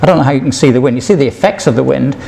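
A man's voice: medium pitch, rapid-fire, creaky, warm tone. A man preaching a sermon, reading scripture aloud and putting questions to his listeners.

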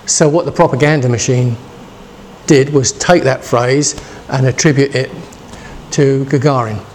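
A man's voice: medium pitch, a little mellow, a little hiss or hum. A man in his sixties preaching a casual, chatty sermon and asking his listeners questions. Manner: chatty, asks the congregation questions.

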